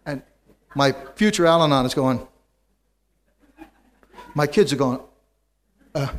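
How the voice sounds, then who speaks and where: A man telling his own story to a room of listeners, dry and wry in his humor. His voice moves between loud bursts and quiet, low stretches, with a middling pitch. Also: slow. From United States. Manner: animated, wry storyteller, swings from loud to hushed. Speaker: speaker sharing his recovery story. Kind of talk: storytelling talk to a live audience.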